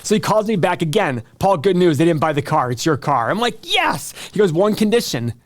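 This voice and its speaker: Animated man retelling a car-buying saga. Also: on the high side, brisk. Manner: animated storytelling, acting out quoted calls. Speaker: podcast co-host. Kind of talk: casual chat.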